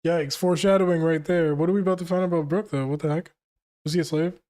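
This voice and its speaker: Young guy reading manga out loud and riffing on it, kinda high voice, laughs a lot. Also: fairly even intonation, fast talker. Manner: reads dialogue aloud, breaks off to joke and laugh. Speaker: manga reaction host. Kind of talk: casual manga reading and reaction.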